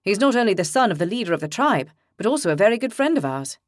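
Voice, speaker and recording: A woman's voice: medium pitch, very animated, fast, no room sound, studio quality, close to an everyday voice. A woman narrator voicing a moody, stubborn young man who speaks emphatically and sulkily. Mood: mocking. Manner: emphatic, sulky.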